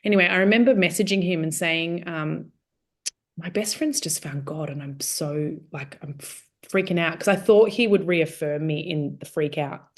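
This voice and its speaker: Low-voiced woman telling her story. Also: moderate pace. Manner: animated, acts out quoted dialogue. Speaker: guest sharing her testimony. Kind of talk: casual conversational storytelling.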